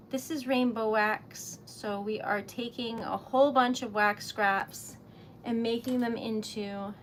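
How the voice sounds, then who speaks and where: A chatty woman hosts a casual livestream from her craft workspace, her voice sitting a little high. She giggles often and fills her talk with likes and ums. A faint hiss runs under the recording. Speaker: small business owner livestreaming.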